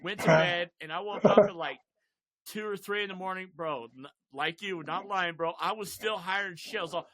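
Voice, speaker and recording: Man, young adult, high pitch, bright tone, animated swearing storyteller, podcast host. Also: a little fast, no room sound. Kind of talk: casual storytelling chat.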